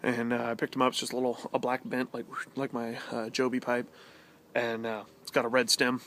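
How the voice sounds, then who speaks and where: A man's voice: mid-range voice, completely flat delivery, fairly quick, a bit bright, slight background noise. A man chatting casually to camera as a vlogger, rambling and sarcastic, with many fillers and restarts. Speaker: pipe-smoking vlogger.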